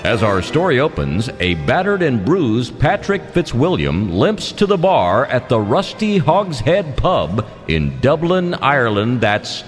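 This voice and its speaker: Slow, theatrical male announcer. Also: mid-range voice, big pitch swings. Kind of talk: mock-dramatic skit narration. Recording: reverb and music bed.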